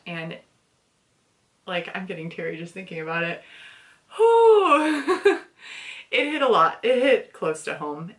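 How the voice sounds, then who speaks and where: A woman's voice: fairly low pitch, a bit bright. A young woman hosting a book club discussion, talking candidly and emotionally about a novel, often breaking into laughter. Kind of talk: casual book review.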